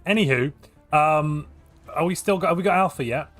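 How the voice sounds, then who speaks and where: A man's voice: a little high, moderate pace, fairly bright tone, soft background music. Wry man bantering on a game call. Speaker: streamer hosting a multiplayer game session. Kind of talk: casual group chat over voice call.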